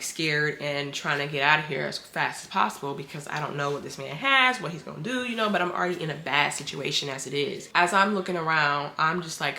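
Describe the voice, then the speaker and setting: Low-voiced young woman telling a story. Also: sharp tone. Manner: casual, dramatic storytelling with many likes. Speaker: vlogger. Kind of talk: storytime vlog narration. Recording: roomy room echo.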